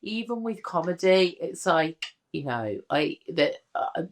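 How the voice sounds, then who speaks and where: Slow-talking heartfelt woman from the UK. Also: on the low side, sing-song. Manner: earnest, heartfelt, self-deprecating. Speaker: guest, drag king performer. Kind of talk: casual interview chat.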